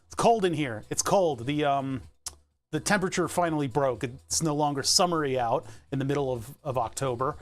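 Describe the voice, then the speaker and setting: A man's voice: mid-range voice, normal speed. A nasal-voiced American man rambling casually to his live-stream viewers while he works, laughing often. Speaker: livestreamer.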